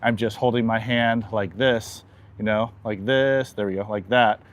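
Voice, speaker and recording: A man working as an equine chiropractor, calmly explaining a hands-on demonstration with a horse and softly soothing it. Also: fairly low pitch, unhurried.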